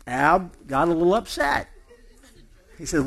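Chatty pastor, slightly high voice. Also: male voice, lively intonation, a little fast, fairly bright tone. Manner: conversational storyteller, loose and chatty with repeated restarts. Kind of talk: sermon opening with a told joke.

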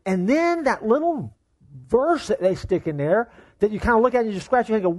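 A man's voice: sits high, expressive, brisk, a little mellow. A man preaching as pastor in a church service, leading a prayer and then building his points with emphatic, repeated words. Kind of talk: sermon with prayer.

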